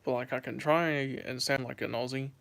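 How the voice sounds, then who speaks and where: Here a late-teen American YouTuber answers his livestream chat from a handheld phone, casual and repetitive in his rambling. His mid-range voice is creaky and a bit bright, with fairly even intonation and a moderate pace.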